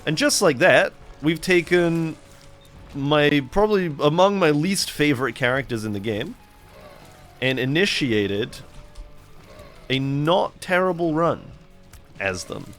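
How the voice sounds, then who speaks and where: A man's voice: on the high side, expressive, slow, long pauses, fairly bright tone, soft background music. A middle-aged man hosting a casual let's play, chatting in a rambling, laid-back way while he plays. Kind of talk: casual gameplay commentary.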